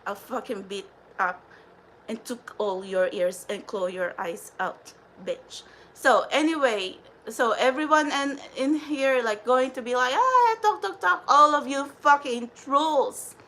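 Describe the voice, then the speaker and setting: Profane ranting woman streamer, high voice. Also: takes it slowly, fairly bright tone, poor audio. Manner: profane, defiant, rambling. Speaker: spiritual livestream host. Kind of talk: ranting livestream chat.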